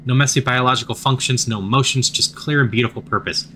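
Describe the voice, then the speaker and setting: A man's voice: mid-range voice, fast talker, sharp tone, slight background noise, lightly acted. A man reading as a bitter girl prodigy. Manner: clipped, bitter, self-serious. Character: prickly teenage girl genius scientist.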